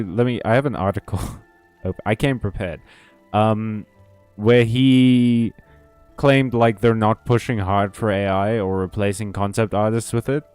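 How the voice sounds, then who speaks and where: A man's voice: on the low side, a little mellow, smooth. A man chatting casually on a game stream, rambling and ranting, often laughing between thoughts, talking close to a desk mic.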